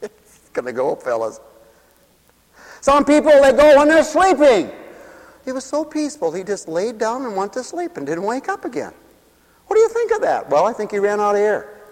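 A man preaching a comic, theatrical sermon, dropping to hushed asides and then shouting as he acts out little scenes. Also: very high voice, huge pitch swings, normal speed, long pauses, long reverb tail.

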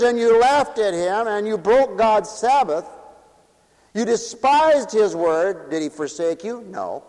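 A man delivers a dramatic sermon in a high voice, firing rhetorical questions at his listeners. He swings between forceful, rising lines and hushed, low replies. The sound carries a long reverb, as in a large hall. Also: big pitch swings, slow. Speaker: preacher. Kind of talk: sermon to a congregation, also broadcast on radio.

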